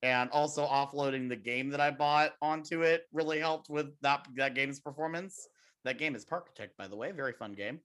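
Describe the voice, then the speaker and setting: A man's voice: medium pitch, moderate pace, a bit bright. A man hosting a casual podcast, retelling things in long rambling runs. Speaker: podcast host.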